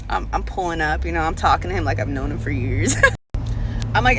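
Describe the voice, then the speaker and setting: A woman's voice: fairly low pitch, animated, fast talker, fairly bright tone, slight background noise. Chatty woman in her thirties, cursing freely. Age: 30s. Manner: chatty, profane, laughing often. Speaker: rideshare driver and realtor. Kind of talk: casual storytelling vlog. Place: inside a car.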